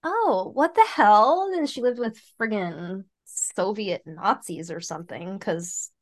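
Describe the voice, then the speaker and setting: A woman's voice: mid-range voice, lively intonation, slow pace. A young woman co-hosting a podcast, chatting casually and bluntly, laughing often. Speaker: podcast co-host. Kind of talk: casual chat.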